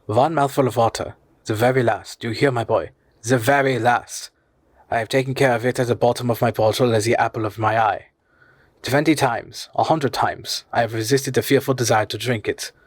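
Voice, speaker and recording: A man voicing a stubborn elderly professor and explorer who speaks slowly and earnestly, turning harsh and commanding. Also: mid-range voice, steady tone, dry recording, lightly acted. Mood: tender.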